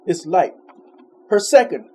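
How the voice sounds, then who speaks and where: A man preaching an informal sermon in a conversational way, laughing between points and slowing down to read scripture. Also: high voice, very animated, darkish tone, husky.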